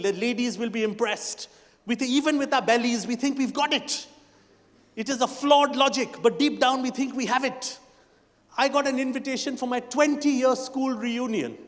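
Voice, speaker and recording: A man in his forties with an Indian English accent, performing a stand-up comedy set and teasing the crowd in an animated way. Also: extremely high pitch. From Kolkata, India. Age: 40s. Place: stage in a large hall. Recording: stage mic in a reverberant hall.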